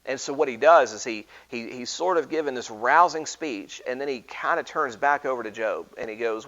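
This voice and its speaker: A man's voice: mid-range voice, fairly quick, a bit bright. Man teaching Bible study in an easygoing, stop-start way; medium voice, somewhat dull lo-fi sound. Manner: conversational, frequent restarts and fillers, reads scripture aloud.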